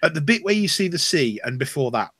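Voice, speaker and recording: Man, casual podcast chat, thinks aloud, higher voice, dry close sound. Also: sing-song, quick pace, a bit bright, slightly rough, no room sound.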